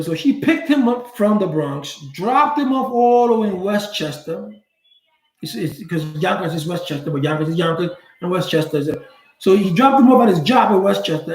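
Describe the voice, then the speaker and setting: Recounting something from his own life, this channel host speaks bluntly and casually, full of street slang. His naturally high male voice jumps even higher as he animatedly performs quoted dialogue, and the space around him echoes.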